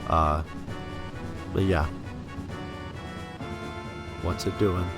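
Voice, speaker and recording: A man's voice: deep voice, fairly even intonation, slow pace, long pauses. A young man casually commenting over a video game he is playing, laughing often and swearing freely. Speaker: let's play commentator. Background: game music.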